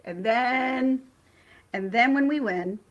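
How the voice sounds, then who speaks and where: A woman hosting a casual livestream, chatting excitably and rambling with frequent restarts. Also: a little high, slow pace, dull audio. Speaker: livestream host.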